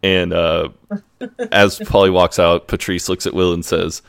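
Deep-voiced American man recapping a show. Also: a little slow, gravelly, clean tone. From United States. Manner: relaxed storytelling with fillers, laughs easily. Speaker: podcast co-host. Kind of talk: casual chat recapping a show.

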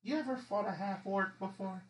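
A man's voice: high voice, moderate pace, echoey room, pitched above the performer's own voice, natural voice, rough recording. A man voicing a brash, flirty male half-orc vigilante who talks in streetwise slang. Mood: swaggering.

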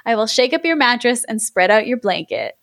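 A woman's voice: on the high side, big pitch swings, brisk, vocal fry, fairly bright tone, dry recording, clean studio sound, heavily acted. A woman doing a bold fairy-tale sweetheart. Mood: tender.

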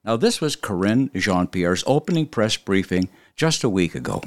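A man hosting an opinion podcast, delivering an emphatic commentary monologue with sudden jumps in pitch. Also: very animated, moderate pace, dry recording. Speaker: podcast host.

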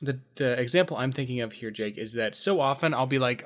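A man's voice: mid-range voice, a little fast, a bit bright. A man co-hosting a casual podcast chat, thoughtful and hesitant, with many fillers. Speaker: podcast co-host.

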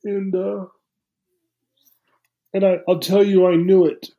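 A man's voice: sits high, flat delivery, slow pace, warm tone, muffled recording. A middle-aged man telling his life story to an interviewer, earnest and emotional, with many restarts. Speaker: guest.

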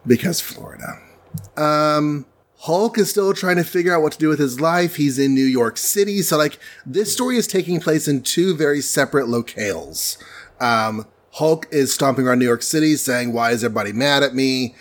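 A man casually recapping a comic book story on a podcast, playfully acting out the characters' lines. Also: fairly high pitch. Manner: playful, acts out characters in quick voices.

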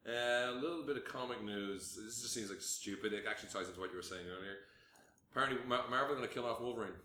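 A man's voice: medium pitch, quick pace. A man co-hosting a podcast, rambling and swearing through casual chat. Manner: rambling, sweary, animated storytelling. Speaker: podcast co-host. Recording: roomy with faint ambient noise.

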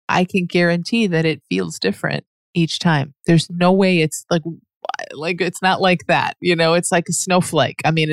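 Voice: mid-range voice, dry recording, studio quality. A speaker answering a listener's question in a reflective teaching monologue, patient and earnest, reasoning aloud and often restarting sentences. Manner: laughs softly mid-sentence.

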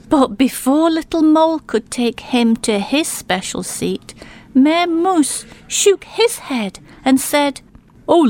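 Slow, expressive woman reading a picture book. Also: high voice. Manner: expressive, with gasps. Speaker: storyteller.

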